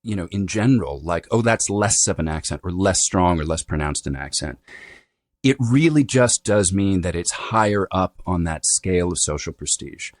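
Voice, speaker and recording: A man speaking as a dialect coach guest on a podcast, explaining in an animated, lecturing way and often checking in with "right?" and "you know". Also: deep voice, normal speed, dry recording.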